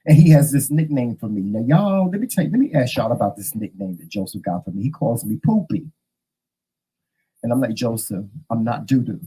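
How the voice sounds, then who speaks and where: A man hosting his own vlog, telling a story in a sassy, animated way straight to his viewers from a room at home. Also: mid-range voice, fairly quick, breathy edge, poor audio. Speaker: vlog host. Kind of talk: casual chat to camera.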